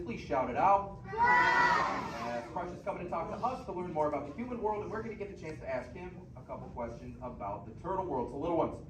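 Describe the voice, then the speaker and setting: Brief: young male attraction host, upbeat and lively, high voice, echoey theater from afar. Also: noisy background. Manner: upbeat, friendly instructions. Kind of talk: safety spiel and audience warm-up. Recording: echoey theater recorded from far off.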